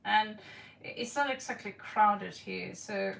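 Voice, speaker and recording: A woman's voice: mid-range voice, a little slow, gravelly, fairly bright tone, reverberant, far from the mic, slight background noise. A woman reading tarot on a live stream, playful, giggly and rambling, recorded in her own room. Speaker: tarot reader.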